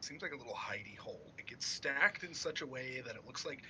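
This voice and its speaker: A man's voice: mid-range voice, lively intonation, a little fast, bright, forceful tone, a little hiss or hum. A man running a casual tabletop game as game master, laughing often and narrating loosely with lots of fillers.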